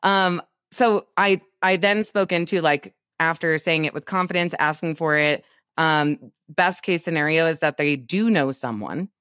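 A woman co-hosting a podcast, giving animated business coaching in a casual chat over a remote call, laughing often. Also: sits low, unhurried, clean tone, no echo, studio quality. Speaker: podcast co-host.

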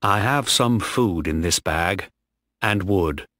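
A man's voice: deep voice, takes it slowly, sharp tone, no room sound, clean studio sound, exaggerated voice. A man voicing a desperate young male ship officer in a storybook reading.

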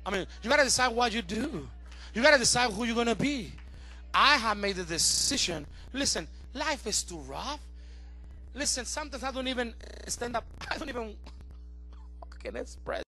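A middle-aged man preaching a sermon as pastor, animated and acting out the voices of his family and callers. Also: very high-pitched, moderate pace, faint music behind.

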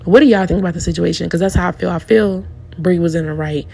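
A woman in her twenties recapping a reality show in a candid, slangy way, talking straight to her viewers. Her voice sits a bit low and sounds gravelly and warm, with a husky edge. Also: fast. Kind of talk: casual opinionated recap.

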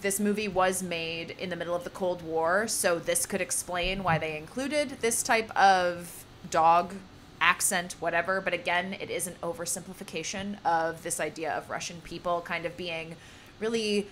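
A woman's voice: lowish voice, normal speed, a bit bright, slight background noise. A woman co-hosting a casual podcast discussion, talking emphatically and often saying "like" and "you know.". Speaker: podcast co-host.

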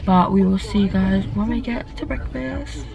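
A young woman from Australia chats to her camera from a car, rambling and casual with plenty of fillers. Her mid-pitched voice has a gravelly fry, rough with morning sleep. A handheld compact camera picks her up close. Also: moderate pace, darkish tone, rough recording. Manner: chatty, rambling with many "like"s and "um"s. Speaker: vlogger. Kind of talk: casual travel vlog chat. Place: inside a car.

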